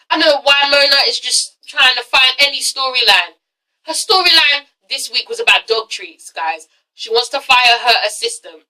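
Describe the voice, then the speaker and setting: A woman's voice: fairly high pitch, bright, forceful tone, distant mic, poor audio. A young woman ranting through a casual reality-TV review vlog, blunt and exasperated, swearing freely.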